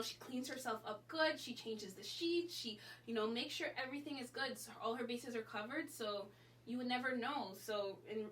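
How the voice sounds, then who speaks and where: A woman's voice: a little high, fairly bright tone, distant mic, slight background noise. A woman guest giving frank dating advice in a casual chat, talking freely and acting out what people say. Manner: frank, chatty, laughs often, acts out quoted lines.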